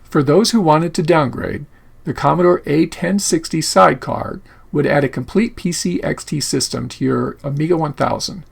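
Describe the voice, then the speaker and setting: Gravelly, husky male narrator. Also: a little high, normal speed. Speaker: channel host. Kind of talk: scripted narration.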